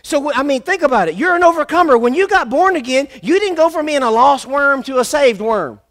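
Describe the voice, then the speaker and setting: A man with a strikingly high, bright voice preaches a sermon to his church. He drives points home through repetition and keeps calling on the congregation to say the words back to him. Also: animated, fairly quick. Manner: emphatic, repetitive, calls on the congregation to respond. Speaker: pastor.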